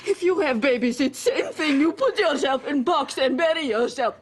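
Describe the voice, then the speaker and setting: A woman's voice: high voice, expressive, normal speed. An actress playing a clinging immigrant stage mother who speaks broken English and pleads emotionally with her daughter. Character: strong-willed immigrant stage mother, older. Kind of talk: TV movie drama.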